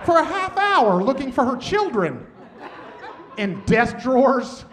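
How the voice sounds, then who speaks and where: High-voiced man doing stand-up. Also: slow pace. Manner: deadpan, drops to muttered asides. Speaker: stand-up comedian. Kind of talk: stand-up set. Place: comedy stage with laughing audience. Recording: noisy stage recording.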